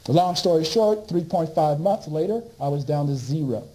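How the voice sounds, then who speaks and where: A man's voice: fairly high pitch, normal speed, poor audio. A man giving a storytelling talk as a speaker and author, acting out his conversations with doctors and restarting his sentences. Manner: animated, acts out dialogue with doctors.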